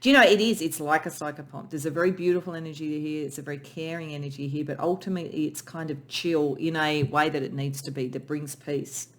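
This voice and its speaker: A tarot reader giving a pick-a-pile reading in an emotional, soft, spiritual way, often restarting sentences and at times near tears. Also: mid-range voice, level tone, fairly quick, few pauses. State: tearful.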